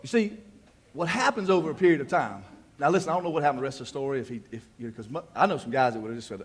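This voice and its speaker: A man's voice: medium pitch, racing. A male pastor in his thirties preaching a sermon in a folksy, conversational way, with joking asides. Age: 30s. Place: church.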